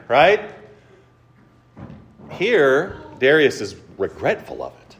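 A man preaching a conversational sermon, retelling a story with animated storytelling and frequent rhetorical questions. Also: a little high, slow pace, creaky. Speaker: pastor.

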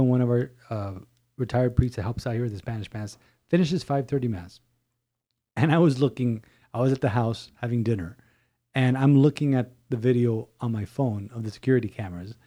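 Brief: male priest co-host, animated storyteller, mid-pitched, chatty. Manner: animated storytelling, many restarts. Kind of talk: casual chat.

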